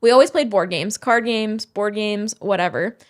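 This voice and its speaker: Young woman, podcast guest, mid-pitched, candid, rambling, casual chat. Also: normal speed. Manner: candid, rambling storyteller with many "um" and "like".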